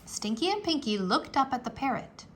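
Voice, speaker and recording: A woman reading a children's book aloud in a slow, animated storytelling manner, with a gravelly edge. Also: high-pitched, slight background noise. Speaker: read-aloud narrator.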